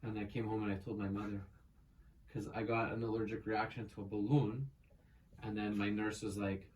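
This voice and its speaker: A man's voice: fairly low pitch, flat delivery, normal speed, a little mellow. A young man guesting on a podcast in casual chat, blunt, joking and swearing freely. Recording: distant mic with faint noise.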